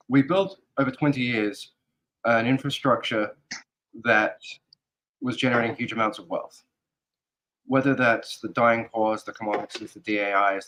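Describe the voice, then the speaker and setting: Halting, earnest male interview guest. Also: medium pitch, a bit bright, a little hiss or hum, rough recording. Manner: halting, earnest, thinks aloud in fragments. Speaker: guest, security advisor. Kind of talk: casual interview talk.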